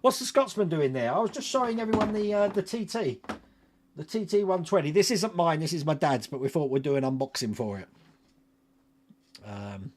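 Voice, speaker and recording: A chatty man in his forties hosts a live stream. His fairly high voice rises and falls a lot as he reads out viewer comments and laughs along with them. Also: animated, moderate pace, slight background noise. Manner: chatty, laughs often, greets viewers by name. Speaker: livestream host. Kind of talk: casual live chat reading viewer comments.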